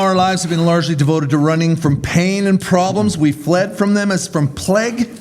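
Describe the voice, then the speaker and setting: A man co-hosting a recovery podcast who teases his partner and reads passages aloud. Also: on the high side. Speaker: podcast co-host. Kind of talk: casual recovery group discussion.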